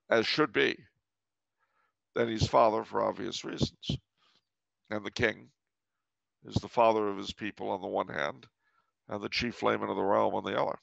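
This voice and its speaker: A man's voice: fairly low pitch, creaky, a bit bright, no echo, highs cut off. A man hosting a podcast, telling a story with dry, wry commentary. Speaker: podcast host.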